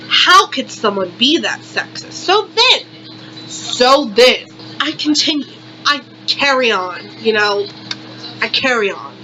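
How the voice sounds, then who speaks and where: A woman's voice: a little high, animated, unhurried, pushed and bright, a little hiss or hum, low-quality recording. A young woman vlogger performing a satirical monologue in exaggerated, repetitive, melodramatic outrage.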